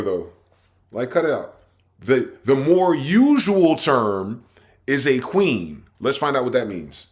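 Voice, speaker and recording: A podcast host on his own show rants and swears while reading word definitions aloud, in a slow, sing-song manner. He swings between loud outbursts and low muttering.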